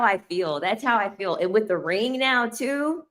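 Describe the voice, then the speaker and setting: Laid-back, slow-talking woman streamer. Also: medium pitch, animated, fairly bright tone. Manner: chatty and playful, laughs often, slangy asides to viewers. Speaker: livestreamer reading chat. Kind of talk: casual livestream chat.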